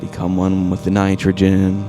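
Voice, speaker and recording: A man's voice: low voice, completely flat delivery, normal speed, music in the background. A man giving a casual, easygoing singing tutorial as a vocal coach.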